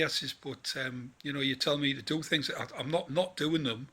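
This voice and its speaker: A man's voice: mid-range voice, steady tone, brisk, pushed and bright, slightly rough. A tired man from northeast England, a trainee truck driver chatting in a rambling vlog about his day. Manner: chatty, rambling, many fillers and restarts.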